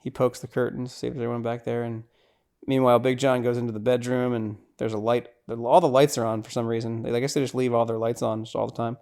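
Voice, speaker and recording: A man's voice: medium pitch, fast, creaky. A man hosting a podcast, casually recapping a horror movie scene by scene, with lots of restarts and repeated words. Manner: grows loud and excited at gory scenes. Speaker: podcast host.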